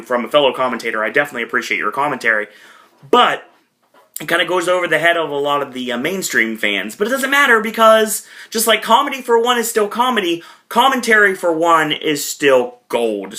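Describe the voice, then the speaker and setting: A man's voice: fairly high pitch, pushed and bright. A man giving a casual, chatty recap monologue as a podcast reviewer, with frequent asides to his viewers.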